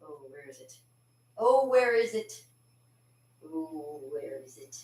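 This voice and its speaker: A woman's voice: deep voice, big pitch swings, takes it slowly, a little mellow, echoey room. A woman vlogging about cartooning in a chatty, giggly way, reading her own poetry aloud with theatrical drama.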